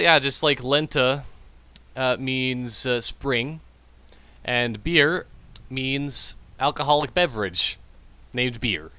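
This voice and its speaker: With a medium-pitched voice and a sharp tone, a tipsy gaming host rambles and jokes through casual commentary on his play, clearly amused by himself.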